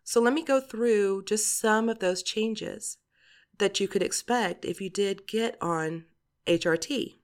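A woman's voice: mid-range voice, slow. A woman in her forties hosting a podcast, talking in a chatty, rambling monologue, laughing often and swearing casually. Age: 40s. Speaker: podcast host.

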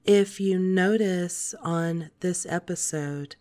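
Soft, calm woman in her forties. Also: fairly low pitch. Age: 40s. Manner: soft, calm, slow-paced delivery. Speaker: podcast host. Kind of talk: calm spoken monologue.

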